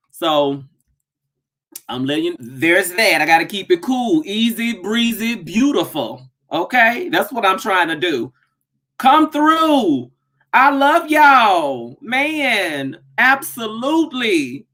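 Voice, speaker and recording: A woman hosting a casual live stream from her home office, greeting viewers by name and bursting into excited shouts. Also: medium pitch, takes it slowly. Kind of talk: casual chat.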